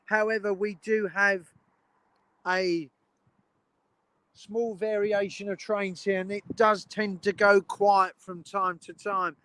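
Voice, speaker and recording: A man's voice: sits high, little pitch movement, slow pace, bright, forceful tone, clean tone, rough recording. A man streaming live from beside a railway line outdoors, chatting enthusiastically with his viewers. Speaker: train spotting live streamer. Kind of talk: casual live-stream commentary.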